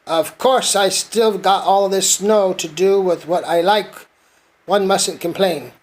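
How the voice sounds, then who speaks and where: A man's voice: high-pitched, slow pace. A man voicing a gloomy, self-pitying male donkey from a storybook, in a mournful, sarcastic way.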